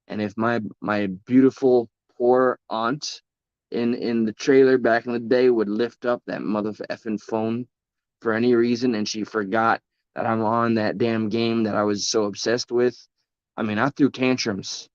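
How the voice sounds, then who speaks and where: A man's voice: mid-range voice, no room sound. Joking, foul-mouthed male streamer. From United States. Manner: loose, joking, self-mocking, swears freely. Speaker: live streamer. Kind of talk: rambling casual chat on a live stream. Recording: dull, dry home stream audio.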